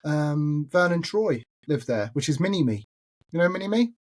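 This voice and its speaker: A man's voice: fairly high pitch, expressive, a little slow. An Englishman hosting a podcast, chattily telling stories and calling his listener mate. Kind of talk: casual storytelling chat.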